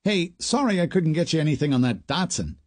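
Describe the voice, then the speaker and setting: A man's voice: on the high side, very animated, darkish tone, dry recording, pitched above the performer's own voice. A man voicing an apologetic male office colleague in an audiobook. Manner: apologetic, quick.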